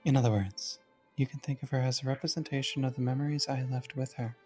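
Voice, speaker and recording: A calm, composed male guide from the dream world, voiced by a friend reading a visual novel aloud. He speaks in a measured, slightly formal way at an even middle pitch, with no hurry in his voice. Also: soft background music, close to an everyday voice.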